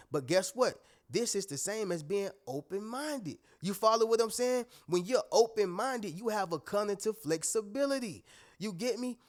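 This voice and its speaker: A man giving a motivational talk straight to his viewers, emphatic and preachy, often checking that they are following. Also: high-pitched. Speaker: motivational speaker.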